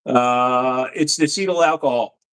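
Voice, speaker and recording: A man's voice: medium pitch, normal speed, a bit bright, clear, resonant tone. A man hosting a casual livestream from his computer at home, answering chat questions and playfully slipping into silly accents.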